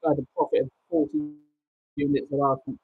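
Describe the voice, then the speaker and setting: Male racing tipster, frustrated and profane, high voice, dull lo-fi sound. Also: monotone, quick pace, slightly rough. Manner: frustrated, sweary, responding to chat. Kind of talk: live stream chat.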